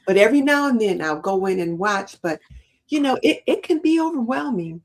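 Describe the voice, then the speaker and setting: A woman co-hosting a livestream chat, telling stories in an expressive, emphatic way. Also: a little high, a little fast. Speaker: co-host.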